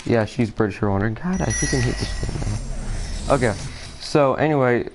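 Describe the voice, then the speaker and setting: A man's voice: mid-range voice, normal speed, a little hiss or hum. A man talking through a theory while playing a shooter game, hesitant and distracted, with many fillers and restarts. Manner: distracted, nervous, apologetic. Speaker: gaming video creator.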